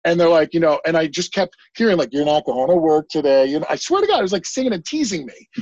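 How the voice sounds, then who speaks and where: A man, a guest psychic medium, telling a story in a casual podcast interview, rambling and animated, full of "like" and casual swearing. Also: high voice, fast, no echo, lo-fi sound.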